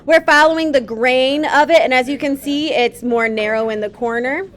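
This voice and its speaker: Gentle woman teaching painting. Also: high-pitched, normal speed. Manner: gentle, chatty instruction. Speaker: art teacher. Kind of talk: painting demonstration.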